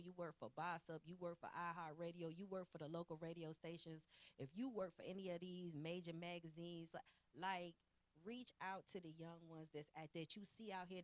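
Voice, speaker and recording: A woman's voice: fairly low pitch, dry recording. A woman who interviews celebrities, a guest on a talk show, speaking casually with slang. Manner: conversational, encouraging, drops slang. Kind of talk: casual chat.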